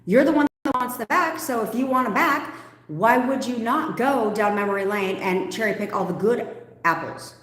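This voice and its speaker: A woman's voice: fairly high pitch, moderate pace, roomy sound. Blunt, profane woman coach. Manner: blunt, profane, animated, laughs often. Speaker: manifestation coach. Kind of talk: livestream Q&A.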